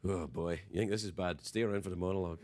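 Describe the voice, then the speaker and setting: Over heavy noise, a man with a low voice talks very fast as he hosts a late-night talk show. In a TV studio with a live audience, he rambles through a playful, self-mocking comic monologue.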